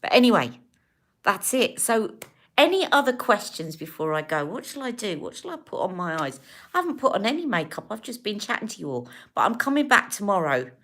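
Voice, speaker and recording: A woman's voice: mid-range voice, very animated, brisk, a bit bright. A woman hosting a casual beauty livestream, chatting to viewers in a rambling, affectionate way. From United Kingdom.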